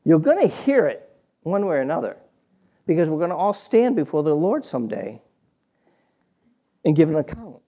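A man preaching a sermon in a conversational, storytelling way, restarting phrases and swinging from quiet asides to emphatic points. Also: on the high side, sing-song, normal speed, long pauses.

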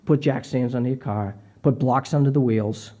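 A man's voice: medium pitch, moderate pace, warm tone. A middle-aged man preaching a sermon, earnest and personal, often repeating words as he starts a phrase. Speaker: pastor.

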